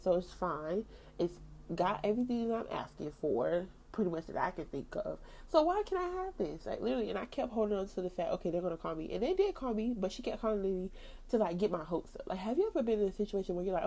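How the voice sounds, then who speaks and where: A woman's voice: mid-range voice, mellow. A young woman hosting a faith podcast, talking casually and acting out her own past thoughts as she tells the story. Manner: casual, slangy, with frequent "like" and laughs. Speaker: podcast host.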